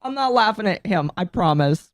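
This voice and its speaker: A woman's voice: medium pitch, expressive, moderate pace, no echo, studio quality. A woman streamer chatting casually to her live chat, giggling and rambling, her throat catching with coughs. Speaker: streamer reacting to a video. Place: home streaming setup.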